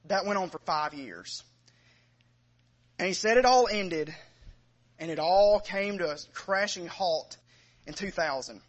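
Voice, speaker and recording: A preacher, a man with a slightly raised pitch, tells a conversion story to his congregation. He slips into the quoted voices and drops them low and quiet, then swells again when he returns to his own narration. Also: animated, measured pace, pauses often, dull audio. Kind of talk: sermon storytelling.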